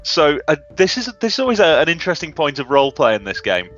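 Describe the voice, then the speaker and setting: A man's voice: a little high, sing-song, quick pace, fairly bright tone, muffled recording, soft background music. A man casually chatting while playing a strategy game with his brother, reasoning his choices through at length. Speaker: co-op gamer. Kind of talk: casual gameplay chat.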